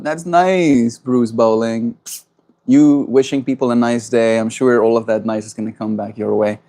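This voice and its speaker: A man's voice: medium pitch, a little slow, darkish tone. A man from South Africa whose first language is Afrikaans, with an Afrikaans accent, chatting casually on a livestream. He reads viewers' messages aloud and answers them in a playful, talkative way, laughing often. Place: at home.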